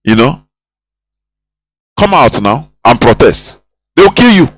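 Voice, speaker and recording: A man's voice: medium pitch, sing-song, a little slow, no echo, poor audio. A man hosting a radio talk show, delivering an impassioned monologue full of repetition and rhetorical questions. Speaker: radio host.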